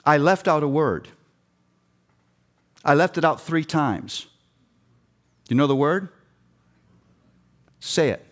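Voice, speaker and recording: A man's voice: fairly high pitch, animated, takes it slowly, pauses often. A middle-aged man preaching a passionate sermon with emphatic repetition, addressing seminary students. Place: seminary chapel.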